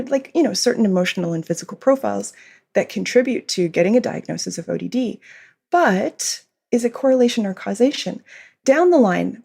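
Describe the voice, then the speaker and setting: A woman with a gravelly, husky edge to her voice talks through ideas as a podcast guest. She explains patiently and breaks into small giggles now and then. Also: medium pitch, darkish tone. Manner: explanatory, giggles often while talking. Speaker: behavior consultant and author, guest. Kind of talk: podcast interview.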